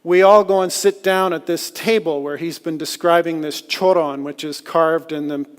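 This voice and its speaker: A man giving a storytelling talk to an audience, lively and self-deprecating. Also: on the high side, normal speed, clean tone. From Canada. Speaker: conference speaker. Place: lecture hall. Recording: long hall reverb.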